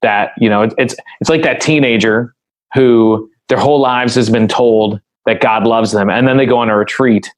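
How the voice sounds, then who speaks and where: A man's voice: mid-range voice, fairly even intonation, normal speed, no room sound, low-quality recording. A man speaking as a podcast guest in a casual interview conversation, earnest and reflective as he tells a story.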